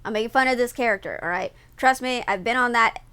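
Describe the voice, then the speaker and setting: A young woman streaming live, reacting to a video with loud, profane, joking commentary. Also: fairly high pitch, fast, clear, resonant tone. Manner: loud, profane, mocking jokes and frequent laughs.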